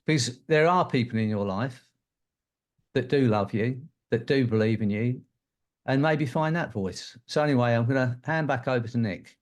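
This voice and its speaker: A man's voice: medium pitch, normal speed. An older man and co-host telling a personal story to an audience in a candid, rambling way. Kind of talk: personal anecdote to a live audience.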